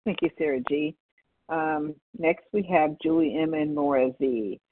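A woman chairing a recovery meeting, giving brief, measured announcements. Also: low-pitched, a little hiss or hum. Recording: tinny phone line.

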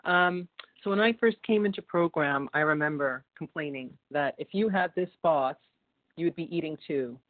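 A woman's voice: deep voice, normal speed, no echo. Woman sharing at a recovery meeting, reflective, repeats herself for emphasis, thin phone sound. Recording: dry phone line.

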